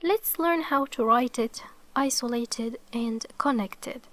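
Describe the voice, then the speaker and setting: A woman's voice: a little high, fairly bright tone, dry recording. A woman teaching the Arabic alphabet to beginners, explaining each step patiently and checking in with "okay". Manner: slow and careful.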